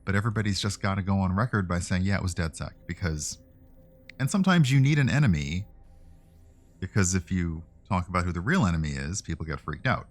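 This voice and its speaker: A man with a very deep voice gives casual commentary on a video game he is playing. He rambles, breaking off mid-thought and correcting himself. Faint game music plays under his talk. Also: lively intonation, fairly quick. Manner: rambling, with frequent fillers and self-corrections. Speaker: streamer.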